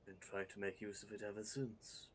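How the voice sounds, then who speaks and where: A man doing a grim devout believer with a deep voice. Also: little pitch movement, natural voice. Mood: solemn. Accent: put-on accent. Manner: solemn, slow, quiet. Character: devout grim man, stoic servant of the Emperor. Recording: faint background noise.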